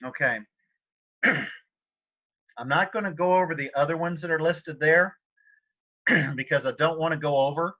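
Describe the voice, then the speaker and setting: A man teaching a Spanish class online, talking informally and often clearing his throat. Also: fairly high pitch, unhurried, pauses often, highs cut off.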